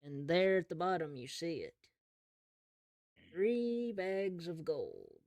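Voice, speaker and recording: Game master, mid pitch, easygoing second-person narration, dry close recording. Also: wildly swooping pitch, takes it slowly, a little mellow, no echo. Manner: easygoing storyteller, describing the action in the second person.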